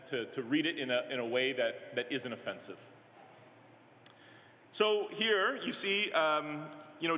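A male minister preaching a sermon in a conversational way, halting often with fillers and restarts. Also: a little high, sharp tone, slight background noise. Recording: echoey hall with long reverb.

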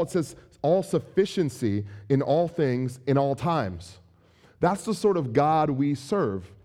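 A man preaching a conversational sermon, animated and acting out everyday examples. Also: fairly high pitch. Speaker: pastor.

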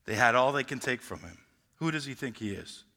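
A man's voice: medium pitch, expressive, fairly quick, bright, forceful tone, in a large hall. A male pastor preaching a sermon emphatically, often restarting his sentences mid-thought.

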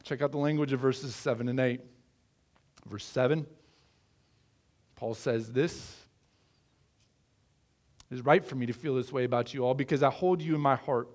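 A man's voice: medium pitch, moderate pace, long pauses, darkish tone. A middle-aged man from the American Midwest preaching a sermon, earnest and conversational, asking his listeners questions. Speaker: pastor.

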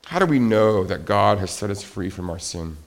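A man's voice: expressive, normal speed. Middle-aged male pastor preaching dynamically. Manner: dynamic, swings from loud emphatic peaks to quiet confessional lows. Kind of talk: sermon.

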